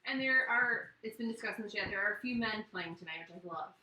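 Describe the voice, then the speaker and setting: A woman's voice: mid-range voice, fast, sharp tone, roomy sound, rough recording. A woman co-hosting a trivia stream, chiming in casually from the side and relaying viewer comments. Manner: chimes in from off-mic, laughing, relays chat comments. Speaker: co-host reading the chat. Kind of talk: casual livestream chat.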